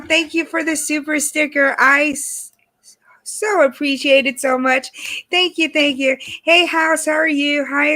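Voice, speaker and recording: A woman hosting a casual livestream, chatty and greeting viewers by name, her voice hoarse from allergies. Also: high-pitched, pushed and bright. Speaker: livestream host. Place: home in Texas.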